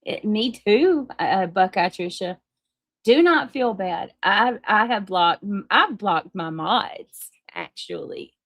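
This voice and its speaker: Chatty woman livestream host, gravelly edge. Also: medium pitch, lively intonation, slow pace, a bit bright, no room sound, clean studio sound. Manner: chatty, apologetic, laughs easily, restarts often. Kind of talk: casual livestream chat reading viewer comments.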